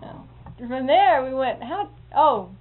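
A woman with a slightly high voice tells rambling stories in a casual way. She chuckles often and acts out the lines of the people in her stories. The sound is narrow and phone-like, with a faint hiss underneath. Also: lively intonation, takes it slowly. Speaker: storyteller. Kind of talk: casual anecdotal storytelling.

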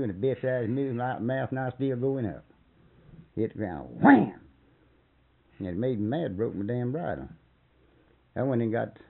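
A man's voice: lowish voice, gravelly. An older man telling a long, rambling story in a folksy, profane way, chuckling as he goes. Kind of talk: rambling oral-history storytelling. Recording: tinny phone-like lo-fi recording.

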